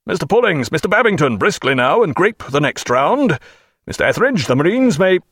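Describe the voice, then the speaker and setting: A man's voice: medium pitch, very animated, normal speed, fairly bright tone, no room sound, studio quality. A man voicing a commanding naval captain who barks orders in battle. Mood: shouting orders. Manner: barking orders.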